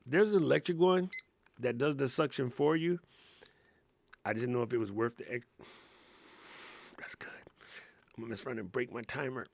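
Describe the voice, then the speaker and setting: A man hosting a casual live Q&A, talking in a slangy, excitable way and laughing often. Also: mid-range voice, brisk, gravelly, slight background noise. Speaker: livestream host.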